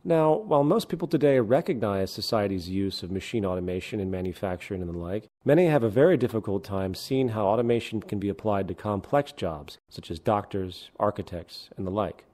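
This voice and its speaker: A man narrates a documentary in a deliberate, explanatory manner. His voice sits somewhat low, with a warm, mellow tone rather than a bright one. He lays out each point steadily, as scripted narration. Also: animated.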